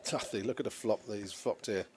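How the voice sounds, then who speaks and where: A man giving play-by-play poker commentary in a dry, measured way. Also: fairly low pitch, a little mellow, a little hiss or hum.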